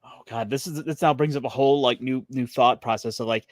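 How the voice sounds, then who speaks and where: A man from Michigan co-hosting a casual podcast, excitable and jokey, rambling quickly. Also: medium pitch, dry recording, clean studio sound. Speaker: podcast co-host. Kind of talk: casual chat.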